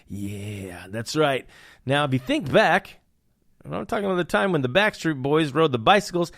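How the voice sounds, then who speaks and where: A man's voice: a little high, sing-song, normal speed, vocal fry, a bit bright, no echo, studio quality. A young man hosting a podcast, riffing on news with puns and hyped, jokey asides. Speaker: podcast host. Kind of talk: comedic news commentary.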